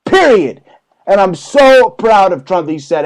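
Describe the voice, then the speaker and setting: A man's voice: sits high, sing-song, unhurried, low-quality recording. A man hosting his own talk show, ranting crudely and mockingly about politics with heavy swearing. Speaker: show host. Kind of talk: profane political rant.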